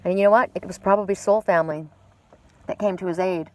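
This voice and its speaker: A woman's voice: medium pitch, fairly even intonation, fast. Rambly woman chatting with her viewers by a lake, lots of ums and restarts, kind of spiritual. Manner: gentle spiritual encouragement. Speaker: oracle card reader hosting a live stream. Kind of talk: casual live-stream chat with viewers. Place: outdoors at a lakeside cove.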